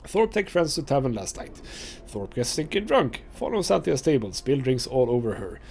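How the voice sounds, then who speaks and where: A man's voice: medium pitch, big pitch swings, normal speed, gravelly, a little mellow, slightly rough, full character voice. A man doing a hulking dim brute warrior. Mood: plodding. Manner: broken simple speech. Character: huge dim-witted male brute warrior.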